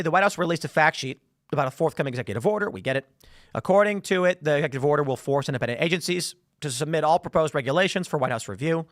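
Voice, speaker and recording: A man's voice: fairly high pitch, lively intonation, brisk, a bit bright, dry recording. A man hosting a political commentary show, talking in a sarcastic, mocking monologue. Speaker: show host.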